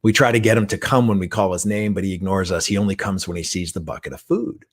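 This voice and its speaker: A man's voice: sits low, steady tone, fast, no echo. A man voicing a dry rescue worker woman. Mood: matter-of-fact.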